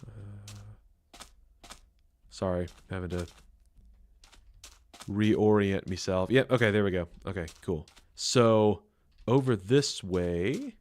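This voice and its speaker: A man's voice: lowish voice, slow pace, long pauses, a little mellow. A man streaming a game live, rambling and thinking aloud with lots of fillers and chatty, self-deprecating asides to viewers. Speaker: gaming streamer. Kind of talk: live gameplay commentary. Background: faint game music.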